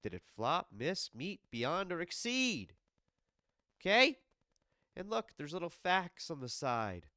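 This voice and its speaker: A man's voice: on the high side, slow pace, no room sound, clean studio sound. A man hosting a podcast alone, sick and congested, ranting loosely with lots of swearing and talking straight to a fighter. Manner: animated, profane, talks straight to the absent fighter. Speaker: podcast host. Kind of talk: casual solo podcast rant. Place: home basement studio.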